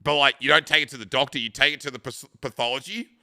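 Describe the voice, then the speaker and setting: A man's voice: mid-range voice, fairly even intonation, fast, vocal fry, bright, forceful tone, no room sound, studio quality. An Australian man in his thirties, chatting casually with stream viewers and rambling through crude stories, swearing freely. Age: 30s. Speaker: live streamer.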